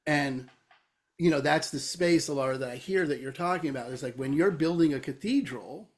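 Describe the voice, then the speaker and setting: Fairly high-voiced man telling a parable. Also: a little fast. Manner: storytelling, tells a parable at length. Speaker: podcast co-host. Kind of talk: casual conversation.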